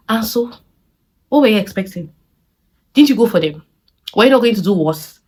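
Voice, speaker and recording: A young woman with a Nigerian accent reviewing a series in casual, opinionated talk, animated and exasperated, firing off rhetorical questions and slipping into Pidgin phrases. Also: mid-range voice, moderate pace, pauses often.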